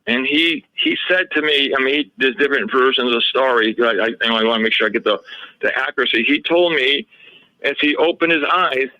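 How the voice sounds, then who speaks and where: A man's voice: medium pitch, pushed and bright, dry recording, highs cut off. A man talking as a radio show guest, telling a long story in a rambling way and often quoting what others told him. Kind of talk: casual interview storytelling.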